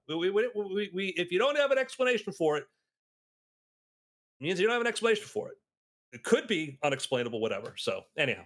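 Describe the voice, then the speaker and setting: A man in casual podcast chat, telling anecdotes and acting out the people he quotes. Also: fast talker. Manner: animated storyteller, acts out quotes with big pitch jumps.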